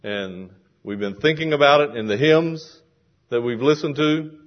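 A man's voice: medium pitch, measured pace. Preaching man, dull lo-fi recording. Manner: animated preaching, acting out quoted voices. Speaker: pastor. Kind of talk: sermon. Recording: dull lo-fi sound.

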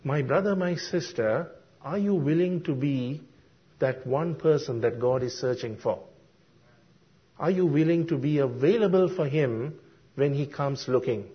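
A man preaching a sermon, explaining Bible verses slowly and deliberately with frequent ums and uhs. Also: fairly high pitch, breathy edge. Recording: dull lo-fi sermon recording.

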